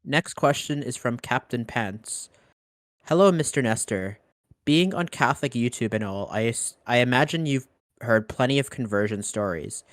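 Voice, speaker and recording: A man's voice: medium pitch, normal speed, no room sound. A young man hosting a Q&A, reading audience questions aloud and adding short comments. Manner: reads questions aloud, then adds brief comments.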